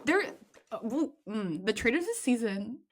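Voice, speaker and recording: A woman's voice: on the high side, normal speed. Chatty woman podcast co-host. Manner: chatty, animated, quoting people in reenacted asides. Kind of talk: casual chat.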